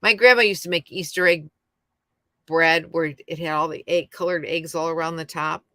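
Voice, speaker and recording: A woman's voice: deep voice, steady tone, normal speed, fairly bright tone, no room sound, clean studio sound. A middle-aged woman hosting a casual livestream from home, rambling and chatting with viewers by name. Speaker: YouTube livestream host. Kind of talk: casual live chat with viewers.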